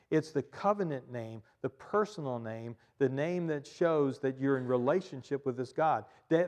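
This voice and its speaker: A man preaching a sermon in a church, animated, often repeating and stressing his points, with frequent fillers. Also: medium pitch, big-room sound. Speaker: pastor.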